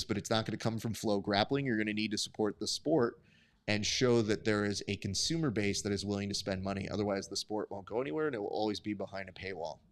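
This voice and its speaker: A man hosting a live stream, calling grappling results and reading chat in a casual, profane, bantering way. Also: fairly low pitch.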